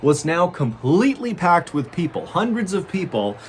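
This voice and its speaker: A man's voice: moderate pace, slight background noise. A man narrating a true story in a dramatic, suspense-building way, lifting his voice at the tense moments. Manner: suspenseful, builds tension, rises in pitch at exciting moments.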